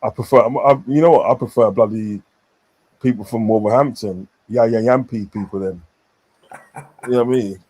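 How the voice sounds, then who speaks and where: A man's voice: lowish voice, normal speed, dark tone, breathy edge, low-quality recording. A man hosting a live football stream, chatting bluntly and reading viewer comments aloud. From English Midlands. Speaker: stream host. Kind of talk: casual live stream chat.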